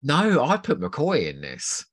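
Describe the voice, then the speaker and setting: A man's voice: a little high, takes it slowly, breathy edge, dry recording. A man in casual podcast chat, his voice swinging up and down with animation. He sounds keen and a little teasing. The recording is dry and close. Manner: enthusiastic, teasing, lively delivery. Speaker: podcast co-host.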